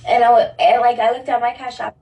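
A young woman with a fairly high voice tells a story in a chatty way, leaning on "like" and acting out the lines of others. She sounds far from the mic. The room adds a strong echo. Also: little pitch movement, quick pace, warm tone, muffled recording. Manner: chatty, full of "like", acting out quoted speech. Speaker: storyteller in played audio. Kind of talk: casual storytelling. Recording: echoey, distant recorded clip.

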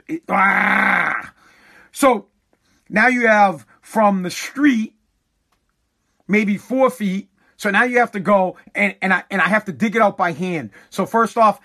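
A fed-up man, swearing freely as he rants through a long casual monologue. His voice sits notably high for a man, and his delivery is emphatic and exasperated. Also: sharp tone. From New England. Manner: exasperated, profane, emphatic ranting.

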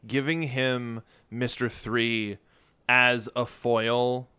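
A man co-hosting a casual podcast, chiming in with laid-back, brief remarks. His voice is smooth and clear, at a middle pitch for a man. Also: little pitch movement, extremely slow, pushed and bright, no echo. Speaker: podcast co-host. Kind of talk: casual chat.

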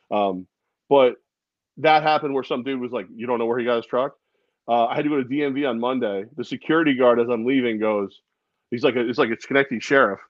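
A man co-hosting a sports podcast, telling stories in a casual, animated way with lots of laughing. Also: mid-range voice, no room sound, dull audio. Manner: animated storyteller, laughs a lot.

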